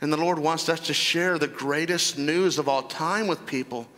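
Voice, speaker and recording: Emphatic high-voiced man preaching. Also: moderate pace, a bit bright. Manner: emphatic, repeating phrases for stress. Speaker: pastor. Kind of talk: sermon. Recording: long hall reverb.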